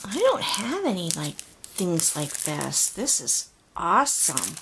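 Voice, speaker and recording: A woman's voice: on the low side, wildly swooping pitch, slow pace, a bit bright, slight background noise. A woman opening a craft swap package on video, gushing and gasping with delight at each item. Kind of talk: unboxing vlog.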